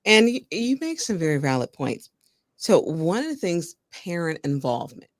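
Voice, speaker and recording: A woman hosting a talk show, chatting casually with a guest and telling stories in an animated way. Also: fairly low pitch, normal speed, dry recording, clean studio sound. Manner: storytelling, animated, laughs while talking. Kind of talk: casual interview chat.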